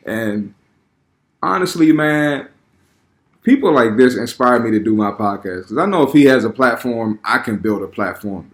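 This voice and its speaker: A man's voice: on the low side, roomy sound. A man giving blunt, slangy reaction commentary on a clip, often repeating words as he gets heated. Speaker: fitness commentator reacting to clips.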